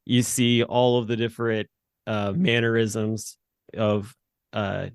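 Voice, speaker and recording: A man in his thirties co-hosting a podcast speaks slowly in a smooth, lowish voice with a level tone. His casual chat rambles, with frequent fillers and restarts. The audio has studio quality and no echo.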